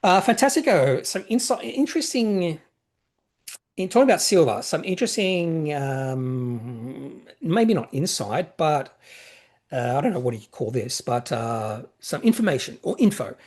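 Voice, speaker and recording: A man's voice: on the high side, sing-song, measured pace, a little mellow. A man hosting an investing channel, answering viewer questions in a rambling, self-correcting way with plenty of fillers. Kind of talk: casual market commentary, reading viewer questions.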